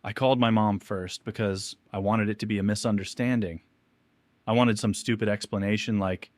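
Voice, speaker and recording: A man with a low voice tells a first-person confession story in a measured, somber tone. The sound is dry and close, with no room around it. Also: steady tone, no echo.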